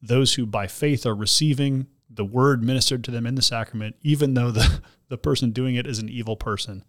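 A man's voice: medium pitch, fairly quick. A man, a pastor and podcast host, reading a listener letter and then explaining at length, with frequent restarts.

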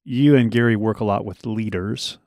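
A man's voice: lowish voice, moderate pace, darkish tone, dry recording. A man hosting an interview, asking friendly questions with stumbling restarts. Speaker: podcast host.

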